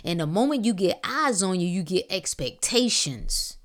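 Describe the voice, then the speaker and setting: A woman's voice: on the low side, big pitch swings. Emphatic motivational woman podcaster. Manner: preachy, emphatic, casual slang with drawn-out exclamations. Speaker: podcast host. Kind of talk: motivational monologue.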